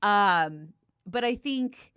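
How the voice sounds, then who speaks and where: A middle-aged woman co-hosting a podcast in casual chat, frank and animated when retelling stories, with some swearing. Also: medium pitch, extremely slow, clear, resonant tone, dry recording, clean studio sound. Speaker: podcast co-host.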